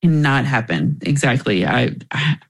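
A woman's voice: a bass voice, expressive, a little slow, creaky. A young woman, a guest in an interview, telling her personal story candidly and emotionally, with restarts along the way.

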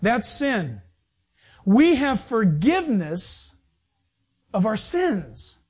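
High-voiced preaching pastor. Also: male voice, extremely slow, slightly rough. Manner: animated, preachy, joking asides. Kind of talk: sermon.

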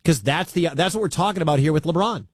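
A man's voice: on the high side, fast talker, no room sound. Emphatic male sports radio host. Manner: emphatic, repeats key points.

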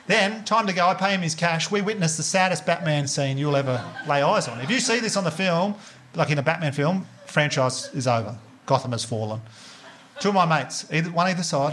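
An Australian man in a stand-up comedy set, with a voice sitting a little high for a man. He tells the story with lively swearing and acts out other people's voices with sudden high leaps. There is a clear layer of noise in the recording. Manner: animated, swearing, acts out quoted voices with big jumps up in pitch.

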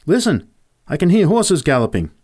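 A man voicing Joe, an excitable young country boy who exclaims in an urgent, breathless way. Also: high-pitched, moderate pace, pitched above the performer's own voice. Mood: alarmed.

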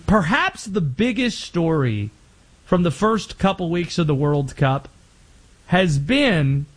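Male sports talk host with a fairly high voice, energetic and opinionated.

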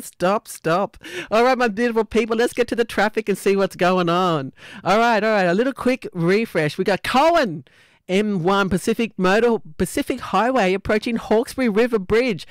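A woman with an Australian accent hosting a live breakfast radio show, chatty and upbeat and quick to laugh, speaking into a studio microphone. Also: mid-range voice, smooth, dry recording.

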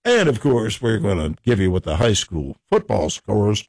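A man's voice: on the low side, normal speed, vocal fry, dry recording, clean studio sound. A man hosting a casual radio morning show, joking and rambling while he has the hiccups. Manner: jokey, rambling, animated.

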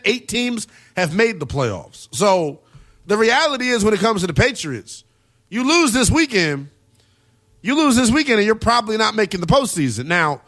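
A man's voice: sits high, fairly bright tone. Brash radio host guy talking football late at night, voice jumps all over. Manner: brash, teasing callers.

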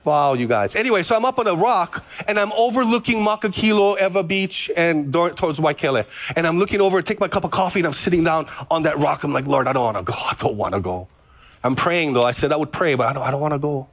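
A male pastor from Hawaii, telling stories in a lively sermon and repeating phrases. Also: a little high, fast talker, hardly any pauses. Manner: storytelling, animated, repeats phrases.

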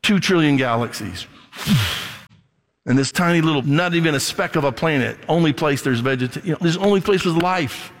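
A man's voice: fairly high pitch, normal speed. A man preaching a sermon as pastor, talking conversationally, acting out voices from the story and closing in prayer. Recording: long reverb of a large hall.

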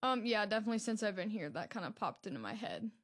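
Teen girl answering questions, soft and hesitant, says like a lot. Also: mid-range voice, sing-song, fast. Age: teens. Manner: soft-spoken, hesitant, many "um" and "like". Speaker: program resident. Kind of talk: interview answers.

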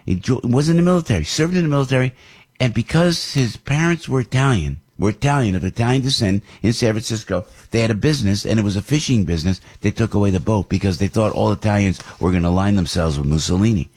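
An older man hosting a radio talk show, rambling with many restarts and repeated words, getting animated as he talks. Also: mid-range voice, husky. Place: radio studio.

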